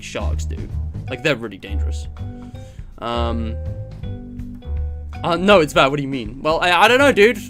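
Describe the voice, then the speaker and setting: A man from England chatting casually on a live stream, rambling with lots of fillers and self-deprecating asides. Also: on the high side. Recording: music playing under the voice.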